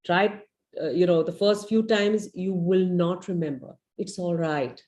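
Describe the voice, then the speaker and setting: Mellow-voiced woman coaching parents. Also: fairly low pitch, unhurried. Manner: earnest and coaching, frequent "you know" and "right?" checks; leads listeners through a guided visualization. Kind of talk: live webinar teaching.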